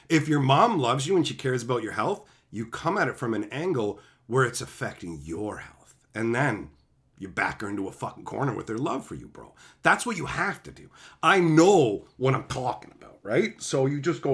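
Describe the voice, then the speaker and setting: A man's voice: mid-range voice, sing-song, fairly quick, a bit bright. A man streaming live, chatting with viewers in brash, joking banter and swearing constantly.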